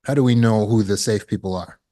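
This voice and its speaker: A man's voice: fairly low pitch, a little fast, mellow. A man giving a spoken lesson to an online audience. As a healing course teacher, he asks rhetorical questions and repeats words while he thinks.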